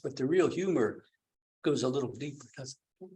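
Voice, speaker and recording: Teaching at a meditation retreat, this man delivers a dharma talk full of chuckles, often checking in with listeners by asking "do you see?" He speaks briskly in a medium-pitched, expressive and slightly mellow voice.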